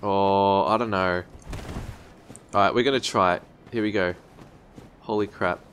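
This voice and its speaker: A man giving excitable gameplay commentary, yelping and swearing as he plays. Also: low voice, unhurried, slight background noise. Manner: excitable, yelps and swears at the game. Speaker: let's-play gamer.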